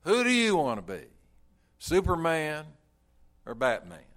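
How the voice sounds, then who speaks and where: A busy father in a sermon story who brushes off his son and answers only reluctantly, as a preacher acts him out. He sounds distracted, with a slow, unhurried delivery at a fairly high pitch. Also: huge pitch swings, a bit bright, heavily acted.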